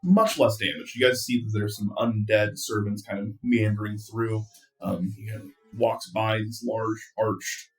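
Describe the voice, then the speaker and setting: A man's voice: on the low side, a little slow, far from the mic, soft background music. Man narrating as game master. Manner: relaxed, chatty narration with laughs.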